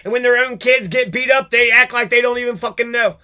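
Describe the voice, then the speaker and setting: High, bright-voiced angry ranting man. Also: fairly even intonation, a little fast, clean tone. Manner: heated, cursing, jumps from grievance to grievance. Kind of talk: angry profane rant.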